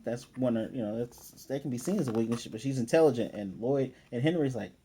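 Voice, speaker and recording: Mellow-voiced man recapping an anime. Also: mid-range voice, fairly quick, few pauses, slightly rough. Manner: chatty, opinionated, frequent fillers. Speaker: anime reviewer. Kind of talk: casual episode recap.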